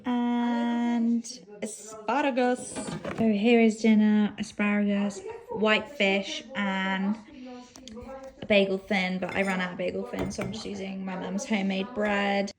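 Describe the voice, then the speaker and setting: Young woman, tired, out of breath, half-whispered vlog chat, gravelly fry. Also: mid-range voice, monotone, normal speed, a crowd in the background. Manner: sleepy, breathy, partly whispered. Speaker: fitness vlogger. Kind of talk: casual vlog talk to camera.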